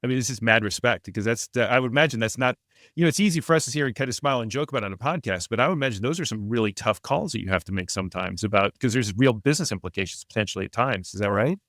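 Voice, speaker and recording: A man's voice: medium pitch, expressive, racing, fairly bright tone, no room sound, clean studio sound. A man hosting a podcast, asking reflective, probing questions. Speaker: podcast host. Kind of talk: casual interview.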